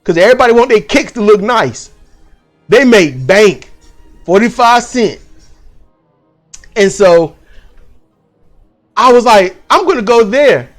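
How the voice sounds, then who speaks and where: A man casually recounting a dream, profane and animated, acting out the people in it. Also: high voice, takes it slowly, long pauses, soft background music. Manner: profane, animated, acts out voices. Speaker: channel host. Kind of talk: casual storytelling.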